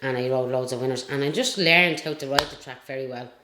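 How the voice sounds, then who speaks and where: A woman's voice: rumbling low, fast, noisy background. An Irish woman and retired jockey telling stories in a casual interview, rambling and chatty with lots of fillers. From Ireland. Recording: roomy echo.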